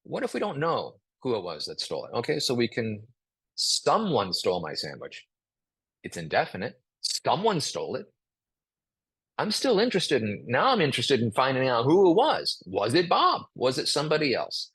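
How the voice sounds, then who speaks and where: A man teaching a live online writing class, acting out example sentences aloud in an animated way. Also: mid-range voice, a little fast, breathy edge, dry recording. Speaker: writing instructor.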